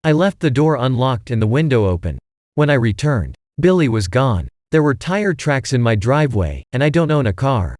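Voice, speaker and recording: A man voicing a grand, slow old stage actor. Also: mid-range voice, sing-song, darkish tone, dry recording, clean studio sound, close to an everyday voice. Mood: indignant. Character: elderly male stage actor, grand and vague.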